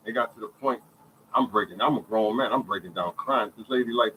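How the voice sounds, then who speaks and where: A man's voice: medium pitch, quick pace, poor audio. Guy telling his cancer story, easy middle voice, keeps asking if you hear him, faint hiss behind. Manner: animated storytelling, many repeated phrases, often asks "you hear me". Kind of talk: casual spoken testimony.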